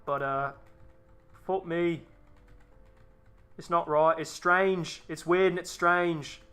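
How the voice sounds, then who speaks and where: A man chats live to his stream while tinkering with a design, cursing in exasperated bursts and wandering off into rambling asides. His voice sits a touch high and rings bright and forceful. Faint music plays behind him. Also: steady tone, slow pace, clear, resonant tone.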